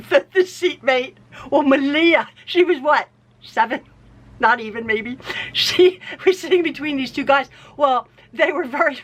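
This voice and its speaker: Laughing, high-voiced storyteller woman. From United States. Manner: laughs often, restarts sentences, animated. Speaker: vlogger telling family stories. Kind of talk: casual storytelling.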